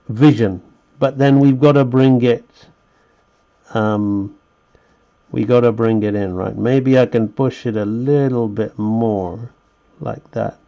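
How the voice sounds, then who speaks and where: An animation teacher with a warm, medium-pitched voice gives a live drawing lesson, heard muffled through a webcam microphone. He rambles and chats, thinking aloud and talking to himself as he sketches.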